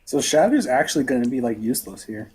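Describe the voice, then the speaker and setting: A woman's voice: rumbling low, sing-song, fast talker, a crowd in the background. A woman trading teasing, nerdy jokes in casual banter among friends at a tabletop game session. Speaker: player in a tabletop game podcast.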